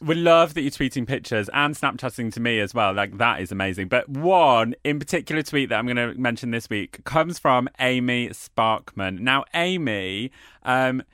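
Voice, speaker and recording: Wry woman co-host, bright sharp tone, very lively delivery, dry close sound. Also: a bass voice, no echo. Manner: wry, joking, quick asides. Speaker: podcast co-host. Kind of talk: casual chat.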